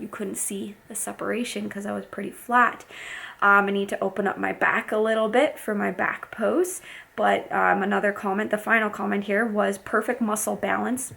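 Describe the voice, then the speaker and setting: Fitness coach lady chatting to her viewers, gravelly bit of fry, super open and candid. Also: medium pitch, a bit bright. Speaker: bikini competitor and fitness coach. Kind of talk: casual vlog talk to viewers.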